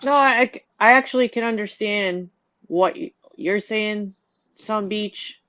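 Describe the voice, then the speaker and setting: A woman's voice: medium pitch, a little slow, a bit bright, no echo, lo-fi sound. A woman hosting a live online panel, talking in a hesitant, apologetic, casual way. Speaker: panel host.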